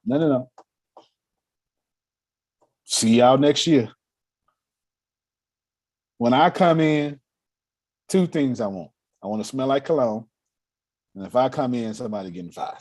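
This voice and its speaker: A man leading a motivational meeting on money and cash flow, animated and laughing as he acts out quotes. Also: medium pitch, a little slow, pauses often. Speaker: finance coach leading a meeting. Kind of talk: motivational talk.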